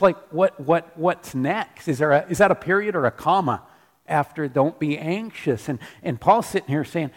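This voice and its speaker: A man preaching a sermon as pastor in a church, animated, repeating his declarations. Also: a little high, moderate pace, big-room sound.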